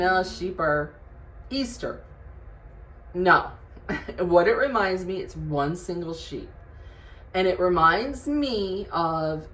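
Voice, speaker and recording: A woman's voice: fairly low pitch, reverberant. Chatty woman giving a bedroom tour. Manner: chatty, homey, shows items one by one. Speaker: home decor vlogger. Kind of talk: casual room tour vlog. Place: bedroom at home. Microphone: camera on tripod.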